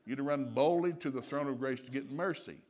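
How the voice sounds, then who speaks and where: A male preacher giving a sermon with animated storytelling, laughing often and acting out dialogue. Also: medium pitch, brisk.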